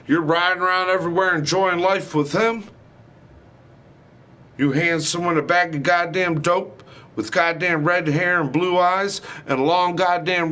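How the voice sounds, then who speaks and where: A man in a heated, rambling rant, cursing constantly and firing accusations one after another. His voice sits a little higher than most men's. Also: fairly bright tone. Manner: heated, profane, accusatory ranting. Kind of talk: rambling angry monologue.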